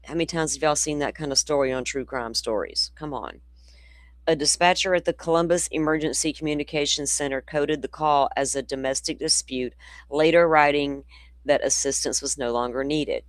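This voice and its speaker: In a dry recording, a true crime podcast host speaks at a moderate pace in a low-pitched voice. Between passages of news reports she reads out, she drops into chatty, opinion-filled comments to the people watching.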